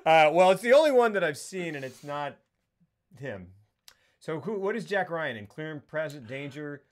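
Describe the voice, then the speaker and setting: A man's voice: a little high, animated, normal speed. A man co-hosting a casual film podcast, goofy and crude, laughing a lot. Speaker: podcast co-host.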